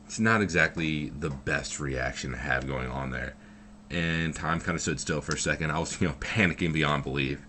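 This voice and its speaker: A man's voice: a bass voice, moderate pace, sharp tone, a little hiss or hum. A young man telling a story from his own life in a loose, rambling way, full of fillers and swearing. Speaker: vlogger. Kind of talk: casual storytelling.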